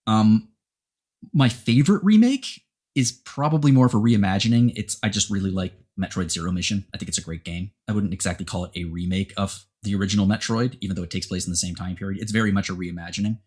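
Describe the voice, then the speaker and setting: Male podcast host, husky and low-pitched, rambling casual chat. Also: fast talker. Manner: rambling, animated opinions.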